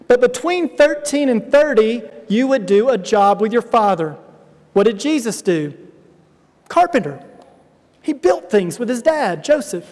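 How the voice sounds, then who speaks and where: Male pastor, very high voice, emphatic explanatory preaching, long reverberant hall sound. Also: a little mellow. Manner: explanatory, emphatic, addresses congregation directly. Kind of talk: sermon.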